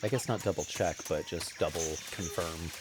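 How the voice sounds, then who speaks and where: A man's voice: low voice, normal speed, heavy background noise. A man casually commenting over his own video game playthrough, chatty and self-deprecating. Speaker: gaming streamer. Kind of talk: casual let's-play commentary.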